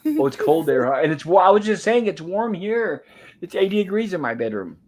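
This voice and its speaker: A man's voice: high voice, sing-song, brisk, darkish tone. A man hosting a casual livestream from his bedroom, chatting and recapping scenes with lots of "of course.". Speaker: livestream host reviewing an old sitcom. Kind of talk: casual live-stream chat. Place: home bedroom.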